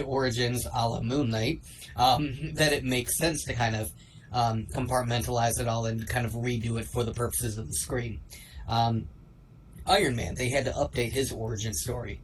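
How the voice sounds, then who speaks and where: Male co-host, mid pitch, thoughtful and hesitant, faint background hum. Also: low-quality recording. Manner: thoughtful, hesitant with many fillers, laughs easily. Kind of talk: livestream chat.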